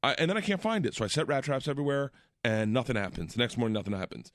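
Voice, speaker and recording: A man's voice: medium pitch, animated, rapid-fire, no room sound, clean studio sound. A man hosting a podcast, telling funny stories, laughing often and acting out other voices. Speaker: podcast host. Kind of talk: comic storytelling chat. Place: Los Angeles.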